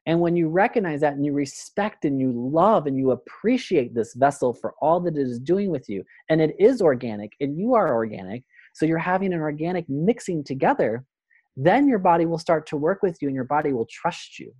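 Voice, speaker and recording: A man's voice: a little high, fairly quick, breathy edge, dry recording, clean studio sound. A man, a guest on a spiritual podcast, speaking earnestly and acting out little voices as he makes his points. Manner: earnest, animated, acts out voices in quotes. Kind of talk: spiritual conversation.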